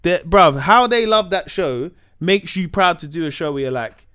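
A young man chats casually on a podcast, full of slang and acted-out quotes. His voice sits high for a man and swings widely in pitch as he tells his stories. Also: animated, moderate pace, sharp tone, smooth. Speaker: podcast guest, TV co-host. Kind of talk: casual chat.

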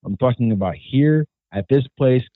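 A man from California, a guest on a podcast, talking earnestly and carefully with many fillers and pauses. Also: medium pitch, no room sound. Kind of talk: casual podcast conversation. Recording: thin phone-like sound.

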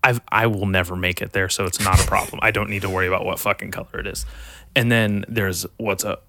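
A man's voice: sits low, fairly even intonation, fast talker, sharp tone, a little hiss or hum. A man chatting casually on a podcast, a rambling, self-deprecating storyteller who swears freely. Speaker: podcast co-host.

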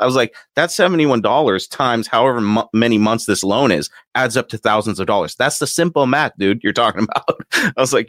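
Low-voiced man telling a story. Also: a little fast, no echo, clean studio sound. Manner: animated, acts out quotes with laughs. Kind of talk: casual storytelling.

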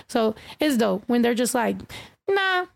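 A woman's voice: a little high, a little fast, vocal fry. A middle-aged woman hosting a podcast in loose, profane casual chat, laughing often. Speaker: podcast host.

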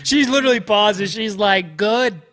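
A man's voice: high voice, normal speed, a bit bright. A married man co-hosting a horror podcast, swearing freely, rambling and laughing often in crude casual banter. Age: adult. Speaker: podcast co-host.

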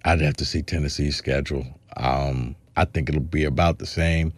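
A sports podcast host speaks in a bass voice at normal speed, with fairly even intonation and no echo. He rambles casually through his points, restarting often and quoting others in a put-on drawl.

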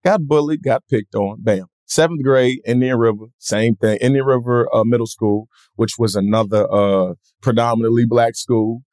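A man being interviewed, telling stories in a relaxed, lively way and acting out other people's voices. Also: medium pitch, moderate pace, hardly any pauses, no echo, clean studio sound. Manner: animated, acts out voices in his stories. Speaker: comedian guest. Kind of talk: casual interview storytelling.

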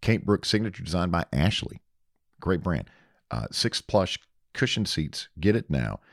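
A man's voice: deep voice, very animated, a little slow, creaky, no room sound, clean studio sound. A man hosting a radio show, chatting in a folksy, joking way and reading live ads. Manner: folksy, jokey, teasing. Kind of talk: casual chat and live ad read.

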